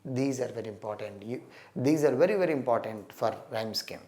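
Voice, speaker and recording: A man's voice: medium pitch, fairly quick, mellow, a little hiss or hum. A man giving an exam-prep lecture, asking and answering his own questions and repeating key points. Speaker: English teacher.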